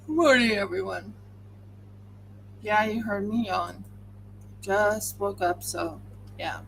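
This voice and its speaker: A woman's voice: medium pitch, slow pace, gravelly, long pauses, slight background noise, low-quality recording. A woman chatting casually on a livestream, talking through each step of her craft work as she goes. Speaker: crafter livestreaming a resin pour.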